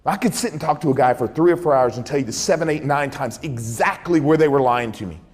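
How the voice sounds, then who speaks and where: A man's voice: mid-range voice, lively intonation, quick pace. Man telling a story in an echoey hall. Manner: dramatic storyteller acting out dialogue. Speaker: keynote speaker. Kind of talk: storytelling talk.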